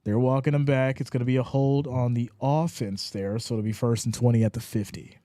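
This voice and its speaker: A man hosting a live stream, calling the plays and reading viewer chat in an animated voice. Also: a little fast, dry recording, clean studio sound. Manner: animated, rises in pitch when excited. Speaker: live stream play-by-play host. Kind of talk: play-by-play commentary with chat reading.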